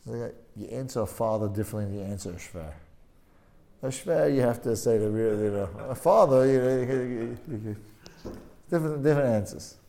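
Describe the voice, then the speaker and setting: A man leading a casual religious study discussion, telling stories in an emphatic, animated way, often repeating himself for stress. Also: medium pitch, a little fast, vocal fry.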